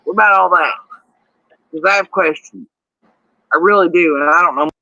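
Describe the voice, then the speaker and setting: A man's voice: sits high, normal speed, sharp tone, dry recording. A man taunting and mocking someone sarcastically in an argument. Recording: dull lo-fi dry clip.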